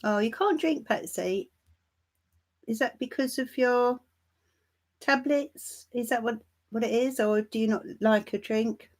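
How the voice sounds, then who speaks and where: A woman hosting a tarot live stream, chatting warmly and calling viewers darling and my love. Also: fairly high pitch, unhurried. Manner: laughs lightly between remarks. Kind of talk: casual livestream chat greeting viewers.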